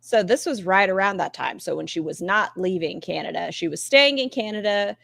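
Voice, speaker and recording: Woman streamer mocking a clip, lively up-and-down voice, sarcastic. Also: medium pitch, moderate pace, creaky, no echo. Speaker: commentary streamer. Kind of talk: reaction commentary.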